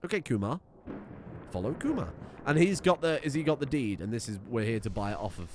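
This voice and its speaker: A man's voice: mid-range voice, very animated, fairly quick, slight background noise. Sweary British man streaming a game. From United Kingdom. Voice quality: joking, sweary banter. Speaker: gaming streamer. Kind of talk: let's play commentary. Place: room at home at a desk.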